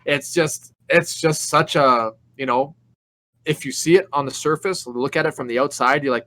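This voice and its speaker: A man co-hosting a laid-back podcast with a voice of middling pitch. He talks about movies with real enthusiasm and jumps into raised voices to act out scenes. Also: normal speed, sharp tone, no echo, poor audio. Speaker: podcast co-host. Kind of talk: casual chat.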